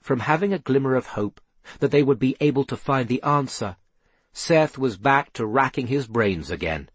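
A man narrating a children's novel aloud with expressive storytelling. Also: mid-range voice, normal speed, husky, no echo. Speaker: audiobook narrator. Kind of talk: scripted narration.

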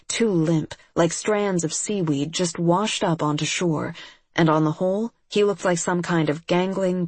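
An audiobook narrator reading a first-person story in a measured, steady way. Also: mid-range voice, husky, dry recording.

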